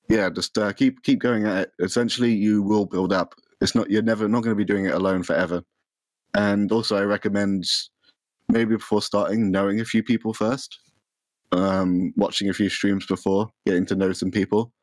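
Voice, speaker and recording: A man's voice: on the low side, fairly even intonation, normal speed, darkish tone, dry recording, poor audio. A young man chatting as a podcast guest about streaming, rambling with many fillers and restarts. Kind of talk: casual chat.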